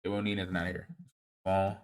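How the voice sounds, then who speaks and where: A man presenting a lecture over slides in a casual, halting way. He often repeats and restarts his words, checks in with "all right?", and swings between emphatic rises and low muttered asides. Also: level tone. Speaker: presenter of a video series. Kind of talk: lecture walking through slides.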